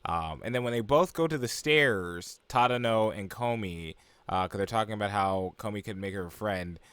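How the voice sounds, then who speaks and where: A man's voice: lowish voice, normal speed, fairly bright tone, clear, resonant tone, no room sound. Rambling young man recapping anime. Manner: rambling, full of fillers and asides. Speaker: anime reviewer.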